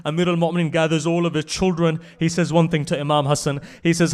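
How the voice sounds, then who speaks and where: A man giving a mourning sermon that moves from hushed, low telling to loud, high, tearful pleading, choked with tears. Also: flat delivery, quick pace, hardly any pauses. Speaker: speaker at a memorial gathering. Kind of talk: Shia majlis sermon with mournful recitation.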